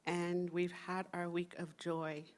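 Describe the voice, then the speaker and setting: Slow, soft-spoken woman minister. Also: on the low side, level tone. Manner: slow, soft, meditative delivery with playful asides. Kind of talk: sermon. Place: church sanctuary with congregation.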